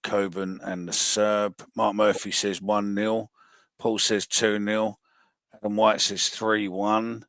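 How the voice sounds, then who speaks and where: Deep-voiced bloke hosting a footy podcast, swears a lot, dry close sound. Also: male voice, a bit bright, no room sound. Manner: blunt, swears freely. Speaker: podcast host. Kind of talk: casual football podcast chat.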